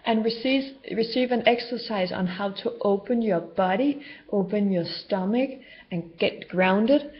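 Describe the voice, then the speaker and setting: A woman talks straight to camera in an unscripted home vlog, drifting from point to point. Her voice sits in a middle pitch. The recording is dull and a little lo-fi. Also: unhurried. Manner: rambling, loosely structured. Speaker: spiritual healer vlogger. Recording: dull lo-fi home video sound.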